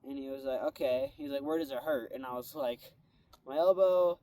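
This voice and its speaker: A man's voice: mid-range voice, fairly even intonation, fast talker, a little mellow. A young man casually telling a story about his own day, rambling and laid-back, saying "bro" and "like" a lot. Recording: a bit distant from the mic, faint background noise.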